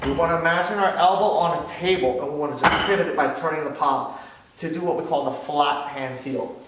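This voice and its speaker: Man, martial arts instructor, patient step-by-step explaining, slightly high voice, distant camera mic. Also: a little fast. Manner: patient, repeats "okay?" often. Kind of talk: demonstration lesson. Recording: echoey room, distant from mic, noisy.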